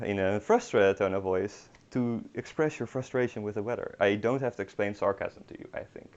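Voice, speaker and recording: A man's voice: lowish voice, fairly quick, darkish tone. A young man teaching a beginner language lesson online, hesitant with many ums and restarts, with dry humor. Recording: dull lo-fi recording.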